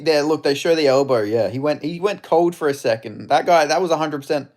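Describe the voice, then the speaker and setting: A man streaming live fight commentary, excitable and swearing, chatting with his viewers between rounds. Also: a little high, fairly quick.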